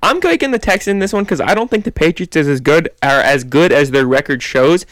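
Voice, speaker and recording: A man's voice: a little high, animated, brisk, a bit bright, no room sound. A man, making confident football picks in a casual sports podcast chat. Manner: confident, opinionated, talks in long runs.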